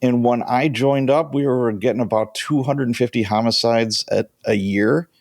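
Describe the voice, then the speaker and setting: A man in his fifties, a retired police sergeant, telling stories as a guest in a casual interview, animated and quick to chuckle. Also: medium pitch, vocal fry, no echo, clean studio sound. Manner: lively anecdotal storyteller who chuckles often.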